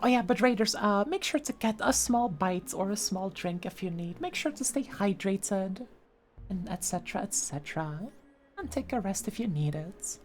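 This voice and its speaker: A woman streamer chats casually in a mid-pitched voice, pausing and restarting as she goes. She reads chat aloud and fills gaps with little fillers. Faint music plays behind her. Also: animated, a little mellow. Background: faint background music.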